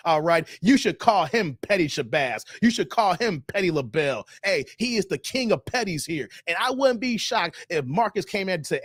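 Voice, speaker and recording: A man's voice: fairly high pitch, sing-song, moderate pace, hardly any pauses, fairly bright tone, dry recording, clean studio sound. Blunt, preachy man. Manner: blunt, preachy, repeats himself. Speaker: YouTube commentary host. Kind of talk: opinionated live-stream commentary.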